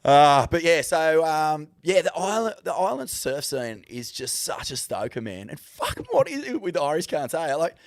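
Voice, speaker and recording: A man's voice: fairly high pitch, big pitch swings, normal speed, hardly any pauses, dry recording, studio quality. A young Australian man co-hosting a podcast in casual chat, rambling, laid-back and swearing constantly. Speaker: podcast co-host.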